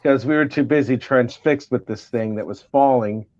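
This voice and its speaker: Halting man, dull lo-fi audio. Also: mid-range voice, a little mellow. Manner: halting, with many restarts. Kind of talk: casual chat, recounting a memory.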